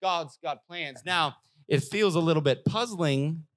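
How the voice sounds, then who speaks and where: A young man preaching a sermon as pastor, lively and acting out voices now and then. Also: fairly high pitch, measured pace. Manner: animated, acts out voices of God and worshippers.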